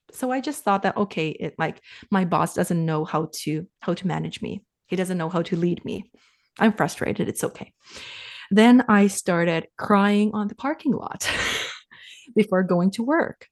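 Reflective woman from Finland, lowish voice. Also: measured pace, gravelly. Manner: reflective, animated when quoting herself. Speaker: podcast guest, sales coach. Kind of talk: casual interview talk.

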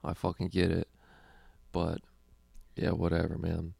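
A young man with a low, gravelly voice chats loosely as a comedy podcast host. He rambles, swears freely and laughs often. The recording is dry and close. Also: monotone, unhurried, a little mellow, dry recording. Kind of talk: casual podcast chat.

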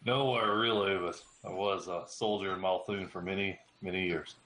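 A man voicing a gruff veteran orc. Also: sits low, steady tone, moderate pace, fairly bright tone, slight background noise, rough recording. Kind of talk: tabletop role-play, in character.

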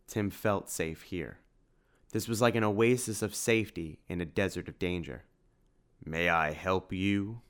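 A man narrating a storybook in a steady storytelling manner. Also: low-pitched, moderate pace. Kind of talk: audiobook narration.

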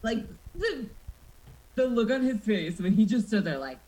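A woman co-hosting a podcast in casual chat, animated and quick to act out what others said. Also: fairly high pitch, rough recording. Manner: animated, quoting people in put-on voices. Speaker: podcast co-host.

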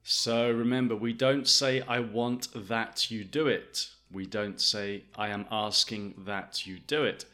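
A man's voice: lowish voice, fairly even intonation, slow pace, hardly any pauses, bright, forceful tone. A man teaching an English lesson, explaining carefully and repeating each example sentence.

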